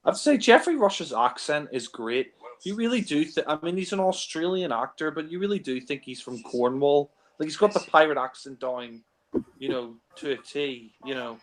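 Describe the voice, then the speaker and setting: A man giving a relaxed, offhand fan film commentary, often trailing off with filler phrases. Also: a little high, moderate pace, rough recording. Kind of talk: casual film commentary chat.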